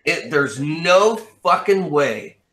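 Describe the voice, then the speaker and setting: A man as an interview guest in casual chat, telling a story in an animated way and swearing freely. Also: on the high side, slow.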